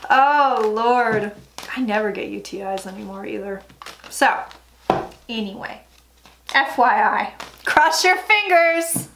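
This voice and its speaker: A woman's voice: medium pitch, fairly even intonation, unhurried, long pauses, a bit bright, slight background noise. A woman psychic giving a casual tarot reading vlog, chatty and emphatic, often dropping into murmured asides.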